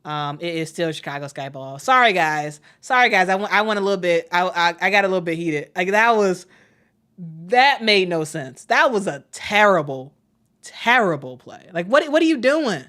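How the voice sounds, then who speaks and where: A woman calling a live basketball game for her stream, chatty and excitable, talking straight to her viewers. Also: on the low side, moderate pace. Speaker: play-by-play commentator. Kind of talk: casual live play-by-play stream.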